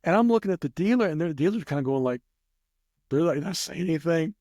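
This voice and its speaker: A man's voice: a little high, expressive, fast, darkish tone, dry recording, studio quality. A man telling a rambling casual story as an interview guest, with many restarts. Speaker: guest, craps player.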